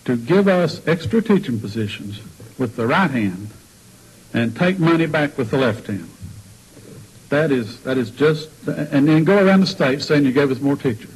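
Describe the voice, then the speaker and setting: A man's voice: a little high, husky, low-quality recording. A man who is a school superintendent testifying to a state board, indignant and blunt about budget cuts.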